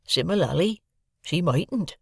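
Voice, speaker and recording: A man voicing a slow, kindly village blacksmith who talks in plain rustic dialect, weighing every word. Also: on the high side, lively intonation, vocal fry, slightly rough, no echo, clean studio sound, voice pushed up, exaggerated voice. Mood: ponderous.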